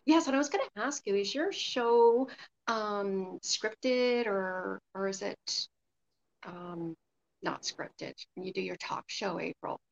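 A woman's voice: medium pitch, takes it slowly, creaky, muffled recording. A woman interviewing a guest, encouraging her with frequent short affirmations. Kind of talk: casual interview.

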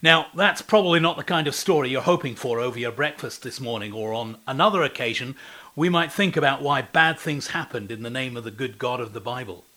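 A man's voice: mid-range voice, lively intonation, fairly quick, pushed and bright. A man giving a devotional talk as a preacher, telling a scripture story and asking the listener rhetorical questions.

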